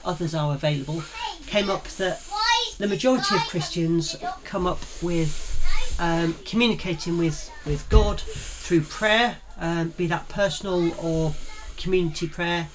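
A Yorkshire woman co-hosting a podcast, her voice sitting a little low. She rambles through casual chat, filling gaps with ums and quick laughs. A clear hiss of background noise runs under the recording. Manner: rambling, laughs often, many fillers. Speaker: podcast co-host. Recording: noisy home recording.

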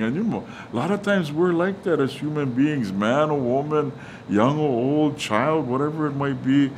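A man's voice: a little high, moderate pace, darkish tone, slight background noise, low-quality recording. A man preaching a sermon, reading Bible verses with many fillers and restarts. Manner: reads verses and acts out quotes casually. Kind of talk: sermon on Scripture.

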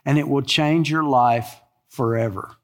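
An older man preaching a sermon in a folksy, animated way, full of stories and rhetorical questions. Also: mid-range voice, a little slow. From American South. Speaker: pastor.

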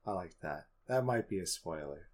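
A man co-hosting a movie review podcast, easygoing and upbeat, quick to poke fun at himself. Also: deep voice, animated, a little hiss or hum. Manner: easygoing, upbeat, self-mocking. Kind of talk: casual chat.

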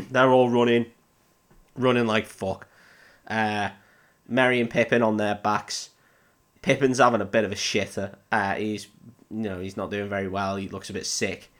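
A man's voice: fairly low pitch, fairly even intonation, normal speed, fairly bright tone. Sweary man recapping a film. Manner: sweary, laughing, rambling. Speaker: podcast host. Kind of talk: casual comedic film recap.

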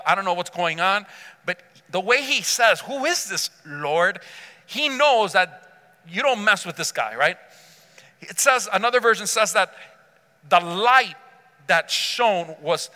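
A man's voice: high voice, bright, forceful tone, long reverb tail. A man preaching a sermon, telling a story with emphasis and acting out the quotes himself. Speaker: pastor.

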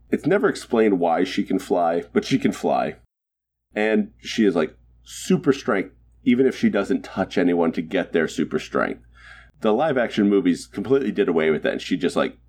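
A man's voice: low-pitched, very animated, moderate pace, a little mellow, slight background noise. A man co-hosting a podcast, chatting casually and gushing enthusiastically about favorite moments. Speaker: podcast co-host. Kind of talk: casual chat.

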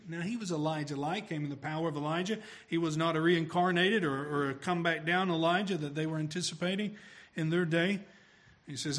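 A man preaching a sermon emphatically, his voice swelling louder on key phrases. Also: fairly high pitch, fairly quick.

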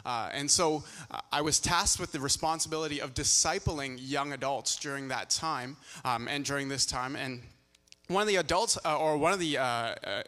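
A man, a pastor, speaking to his church with a halting delivery full of filler sounds. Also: mid-range voice, sharp tone. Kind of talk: church announcement talk. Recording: echoey hall.

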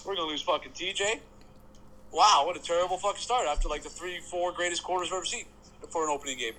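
A man's voice: on the high side, fast talker, bright, forceful tone, rough recording. Heated, profane man ranting about his team. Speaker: podcast co-host, sports fan. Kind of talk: casual chat.

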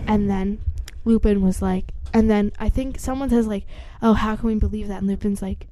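A woman with a mellow, soft-edged voice of middle pitch retells a story in casual chat. She is chatty and uses lots of fillers. She jumps into little acted-out lines along the way. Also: fairly even intonation, moderate pace, no echo. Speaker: storyteller retelling a book plot.

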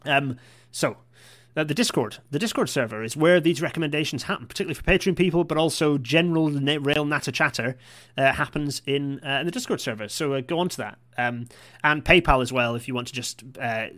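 A man's voice: a little high, fairly quick, a bit bright. A man hosting a live-streamed podcast, chatty and self-deprecating, with frequent apologetic asides. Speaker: podcast host.

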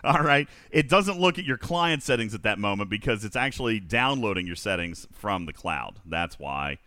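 A man hosts a casual livestream and works through viewer questions. His pitch swings widely as he rambles. The voice has a bright, forceful edge and sounds dry and close to the mic. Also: normal speed, no room sound. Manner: animated, rambling, reads out chat questions. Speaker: livestream host answering chat questions.

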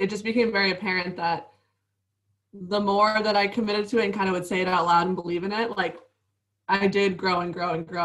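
A woman's voice: on the low side, recorded from a distance, rough recording. A woman in her twenties, a professional basketball player, chatting casually as an interview guest with many fillers and frequent laughs.

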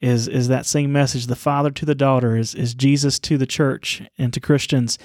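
Man, podcast co-host, earnest halting storyteller, dry close mic, mid pitch. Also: flat delivery, darkish tone, dry recording. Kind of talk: Bible study podcast conversation.

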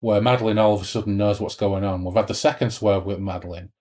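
A man's voice: lowish voice, fairly even intonation, fast, a little mellow. A man co-hosting a casual book chat, recapping the plot and reading passages aloud. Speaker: podcast co-host.

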